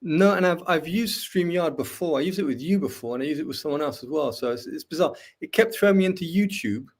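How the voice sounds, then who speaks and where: A man's voice: a little high, lively intonation, fast. An older man, a gym owner chatting as a guest with self-deprecating dry humour. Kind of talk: casual interview chat.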